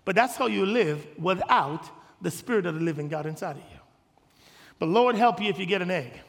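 Man, pastor: high gravelly voice, impassioned sermon in an echoey church hall. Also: expressive, fairly quick. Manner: impassioned preaching, swelling to shouts, calling on the congregation. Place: church sanctuary.

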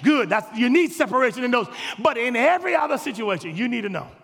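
A man preaching a sermon in a church, swelling to shouts and calling on his congregation. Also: extremely high pitch, very animated, fast talker, gravelly, in a large hall. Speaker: pastor. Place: church sanctuary.

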